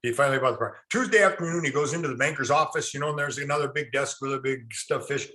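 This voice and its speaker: A man's voice: medium pitch, rapid-fire. A middle-aged man teaching a real estate class, telling folksy stories and speaking directly to his students. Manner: animated, folksy storyteller, addresses class directly.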